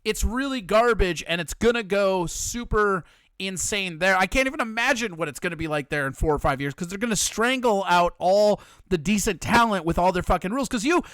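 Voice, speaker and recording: A man's voice: high-pitched, lively intonation, fairly quick, a bit bright, clean tone, no room sound. A man co-hosting a casual chat, blunt and opinionated and swearing freely.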